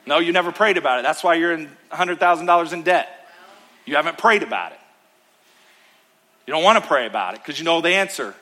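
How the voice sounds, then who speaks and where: A male pastor preaching a sermon in church, emphatic, with rhythmic repetition, swinging between loud calls and hushed asides. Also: a little high, animated, fast talker, pauses often.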